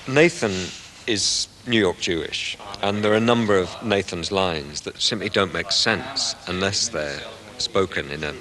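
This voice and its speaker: A man's voice: sits low, a little slow, hardly any pauses, pushed and bright, long reverb tail. A male actor talking thoughtfully in an interview about his craft, searching for words and restarting often. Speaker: stage actor. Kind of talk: reflective interview.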